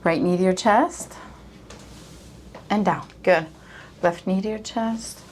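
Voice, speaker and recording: A woman chiropractor coaching a patient through an exam, upbeat and giving calm step-by-step directions. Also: medium pitch, slow, slight background noise.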